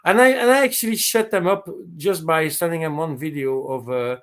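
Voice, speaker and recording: A man with a fairly high voice speaks on a live call-in show over a video call. His speech is halting, with many restarts and repeated words. He swears bluntly for emphasis while he sets out his opinions. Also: a bit bright. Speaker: caller on a live open-mic show. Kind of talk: casual spoken opinion on current events.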